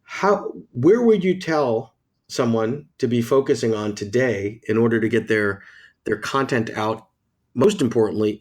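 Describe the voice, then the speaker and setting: A man hosting a podcast interview, talking emphatically with frequent restarts. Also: lowish voice. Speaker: podcast host. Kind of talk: conversational interview.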